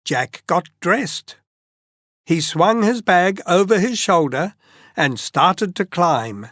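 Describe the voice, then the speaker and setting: A storyteller reads a fairy tale as bedtime listening practice, pacing every phrase very slowly. The voice rises and falls in a lively, sing-song way. It is recorded close and dry, with no room sound. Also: medium pitch, dry recording. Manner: very slow, expressive read-aloud.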